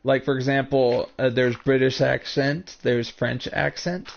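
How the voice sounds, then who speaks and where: An American man with a Northern US accent chats with his viewers during a live stream, his voice sitting at an ordinary middle pitch. He rambles and halts, circling back and restarting his sentences. The sound is dull and lo-fi, like a cheap stream mic. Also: little pitch movement, creaky. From United States. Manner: rambling and halting, full of restarts.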